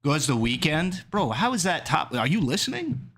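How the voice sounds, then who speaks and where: A man's voice: a little high, big pitch swings, normal speed, fairly bright tone. A male streamer in casual chat, riffing loosely and reading his chat aloud.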